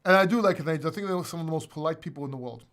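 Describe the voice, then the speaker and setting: A man hosting a casual livestream chat, animated and emphatic, talking bluntly and swearing now and then. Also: on the high side, very fast. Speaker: host.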